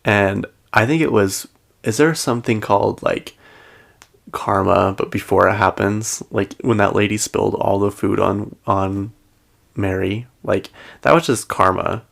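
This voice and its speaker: A man with a low, gravelly voice hosts a pop culture show and recaps celebrity and reality TV gossip. His talk is loose and chatty, full of "like" and "um", with laughs between sentences. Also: a little slow, a bit bright. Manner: chatty, heavy use of "like" and "um".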